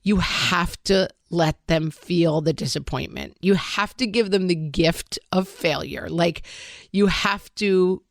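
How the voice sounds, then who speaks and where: Low-pitched, slow and creaky, a middle-aged woman co-hosts a parenting podcast in casual conversation. She's candid and somewhat self-deprecating, thinking out loud with frequent "like"s, captured in clean studio sound without room noise.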